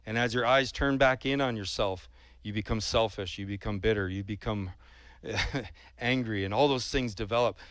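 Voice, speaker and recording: A man's voice: lowish voice, moderate pace, a bit bright, clean tone, dry recording. A man preaching a sermon in an earnest, emphatic way, repeating his points and asking rhetorical questions of the congregation.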